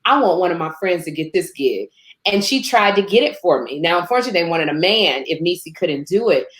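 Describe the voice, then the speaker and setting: A woman from Chicago, a guest telling lively stories in casual chat, laughing and acting out quotes. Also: brisk. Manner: animated, laughs often, acts out quotes in higher voice. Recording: roomy echo.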